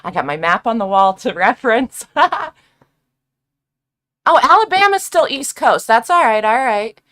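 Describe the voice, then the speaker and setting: A woman's voice: fairly high pitch, very animated, a little slow, fairly bright tone. A woman hosting a casual live stream, upbeat and slangy, laughing often. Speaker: stream host.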